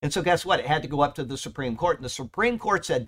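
A man's voice: a little high, animated, fast, hardly any pauses, fairly bright tone. A man teaching a Bible study, reading commentary aloud and often checking in with his listeners.

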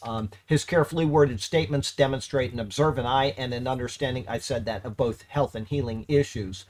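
Teaching a Bible letter one verse at a time, this man speaks in a mid-range, slightly mellow voice. He pauses and corrects himself, then pushes his points with emphasis.

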